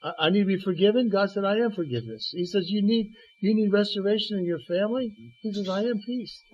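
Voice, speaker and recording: A man's voice: high-pitched, fast, a little mellow, slightly rough. A man preaching on a radio program, telling Bible stories with quoted dialogue and stammered restarts. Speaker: guest preacher. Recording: dull lo-fi radio broadcast.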